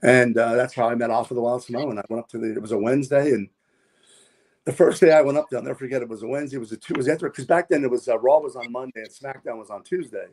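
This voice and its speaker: A man's voice: mid-range voice, racing, a little mellow. A man, a guest on a podcast, telling long stories in a rambling way with many fillers and repeated words. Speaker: podcast guest, wrestler and pilot. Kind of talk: casual storytelling interview.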